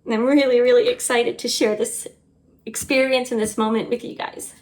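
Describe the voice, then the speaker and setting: A woman's voice: on the high side, level tone, moderate pace, darkish tone. Earnest, emotional woman homestead vlogger. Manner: earnest, openly emotional and chatty. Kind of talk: casual home vlog chat.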